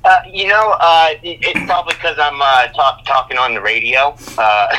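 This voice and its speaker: A man's voice: fairly high pitch, moderate pace, bright, forceful tone, poor audio. A man in his thirties with a light Maine accent, a radio guest talking hesitantly with many fillers. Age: 30s.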